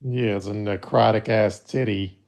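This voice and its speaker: A man's voice: on the low side, fairly even intonation, moderate pace, vocal fry, a little mellow. A man co-hosting a casual podcast recap, laid-back and talking with many fillers. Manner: laid-back, recounting his own posts with many fillers. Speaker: podcast co-host.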